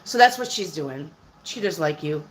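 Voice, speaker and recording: A woman in her fifties with a fairly low voice, reading tarot live for her viewers. She talks bluntly and chattily, answering one question from chat after another. Faint noise sits under her voice. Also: expressive, normal speed, rough recording. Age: 50s. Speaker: tarot reader.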